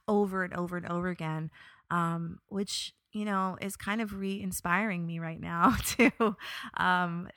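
A young woman with a bright, ringing voice tells a story from her own life on her podcast, lively when she acts out what she said and softer when she reflects. She is recorded up close in a dry, dead room. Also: on the low side, no room sound. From New York area. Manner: expressive, animated when quoting herself, reflective. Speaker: podcast host. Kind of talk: personal storytelling monologue.

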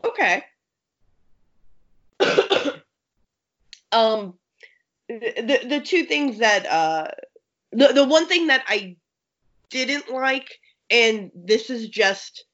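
Chatty woman co-host, winded from illness, rushes her words, slightly dull recording. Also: on the high side, sing-song, fairly bright tone. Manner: rapid, rambling, lots of restarts and fillers. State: out of breath from being sick. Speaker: podcast co-host reviewing a game book. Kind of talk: casual chat. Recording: slightly muffled lo-fi audio.

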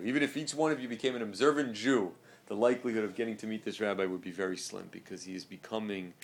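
A man's voice: on the low side, creaky, a little hiss or hum. A male teacher lecturing a religious class. He speaks with emphasis and leans on repetition, circling back to drive each point home. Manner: emphatic, repeats key phrases.

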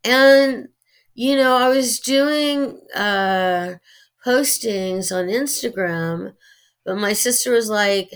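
A middle-aged woman with a Californian Valley accent, talking earnestly as an interview guest, with many pauses and fillers. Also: on the high side, clear, resonant tone. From United States. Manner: earnest, opinionated, halting with fillers. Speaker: guest, actress and writer. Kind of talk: interview conversation.

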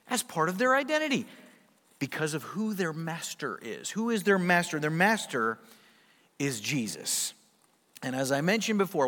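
A male pastor delivers a sermon in a fairly high voice. He is emphatic and poses rhetorical questions, moving from loud to quiet. His words carry through a hall with long reverb. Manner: emphatic, rhetorical questions, big swings in loudness.

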